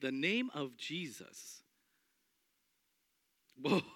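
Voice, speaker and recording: A man with a high, lively voice preaches a sermon to his congregation, slowing down to stress his points. His tone is bright and sharp, and the sound is dry and close. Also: no echo. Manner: animated, acts out voices of the people in the story. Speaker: pastor.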